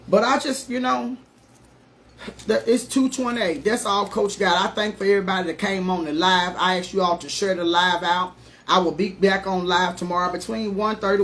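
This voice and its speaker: A middle-aged woman life coach giving an earnest, emphatic, folksy motivational talk on a live stream. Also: fairly low pitch.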